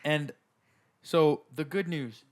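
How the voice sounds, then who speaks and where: A man's voice: a little high, slow pace. A young man co-hosting a podcast, telling a story in an enthusiastic, playful casual chat. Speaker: podcast co-host.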